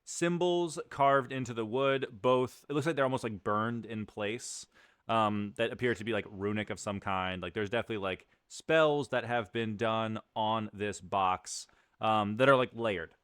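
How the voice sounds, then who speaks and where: Chill guy running a tabletop game, lowish voice, dry close mic, lots of "like". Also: normal speed, clear, resonant tone, no echo. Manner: relaxed, loose narration full of fillers. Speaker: game master.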